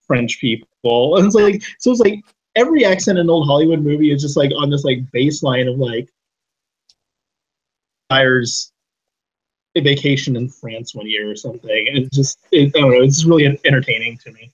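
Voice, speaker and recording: A man co-hosting a podcast in casual chat, rambling through animated tangents with many fillers. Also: mid-range voice, a little fast, slightly rough, dull audio. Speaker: podcast co-host.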